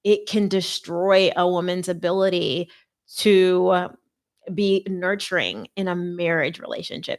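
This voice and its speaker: A woman's voice: on the low side, slow pace. A woman host talking earnestly and conversationally about faith and marriage preparation, with playful asides. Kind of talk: faith-based marriage advice talk.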